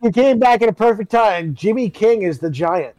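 High-voiced man, crude wisecracks. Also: animated, normal speed, a little mellow, muffled recording. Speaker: podcast co-host. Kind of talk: casual movie-riffing chat.

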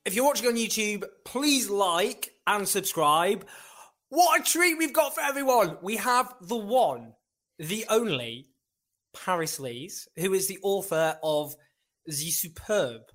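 A man's voice: high voice, animated, unhurried, a bit bright. Rambling, jokey man hosting. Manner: rambling and self-correcting, jokey. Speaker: podcast host. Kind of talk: casual podcast chat.

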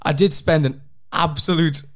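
A young man, telling a rambling story on a casual podcast, his voice jumping up in pitch when he gets excited. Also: moderate pace. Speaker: podcast co-host. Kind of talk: casual chat.

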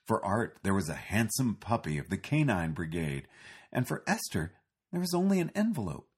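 Guy reading a storybook out loud, low husky voice, really lively ups and downs. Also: normal speed. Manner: expressive, animated reading.

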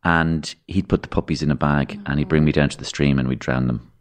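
A man's voice: very deep voice, fairly even intonation, a little fast. An Irish man telling rambling, darkly funny stories from his childhood as a podcast guest. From Ireland. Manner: rambling anecdotal storyteller, dark humour, acts out voices. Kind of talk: storytelling in a podcast interview.

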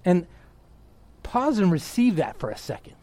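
Here a middle-aged man preaches with a high, unhurried voice, growing excitable enough to burst into yelling, then easing back into a soft, close delivery.

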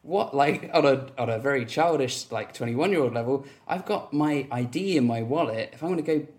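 A man's voice: medium pitch, expressive, brisk, darkish tone. A man guesting on a pub podcast, telling a rambling story full of fillers and laughs. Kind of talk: casual chat, storytelling.

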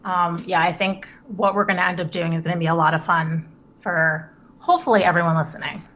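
A woman's voice: lowish voice, steady tone, fairly quick, fairly bright tone. A woman in her thirties, a guest on a podcast, chatting in a friendly, candid way. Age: 30s. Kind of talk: casual podcast chat. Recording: dull lo-fi sound.

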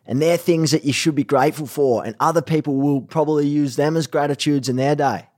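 Young man, Australian accent, podcast host, energetic, slangy, casual chat. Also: a little high, fairly quick. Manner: energetic, chatty, slang-heavy. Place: Los Angeles.

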